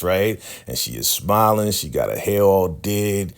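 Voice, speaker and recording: Lowish voice dude doing a slangy tv recap, animated, says right a lot. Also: male voice, a little slow, vocal fry, few pauses. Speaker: show recap host. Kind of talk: casual TV recap.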